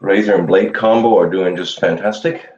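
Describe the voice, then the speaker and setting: A man hosting a casual live show, chatting in a relaxed, rambling way with his viewers while he shaves. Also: low-pitched, normal speed. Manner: relaxed, rambling, chuckles often, talks to viewers. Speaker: livestream host. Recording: roomy dull lo-fi sound.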